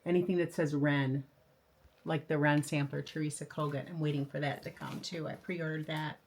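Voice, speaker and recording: Sharing her new patterns in a show-and-tell craft video, this older flosstube host chats with casual enthusiasm and plenty of fillers and restarts. Her low voice is steady and a little mellow at a moderate pace, with slight background noise.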